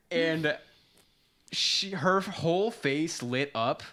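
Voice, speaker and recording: A man co-hosting a podcast, telling a story in casual chat, animated and swearing freely, acting out what people said. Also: fairly high pitch, drawn-out words, pauses often. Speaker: podcast co-host.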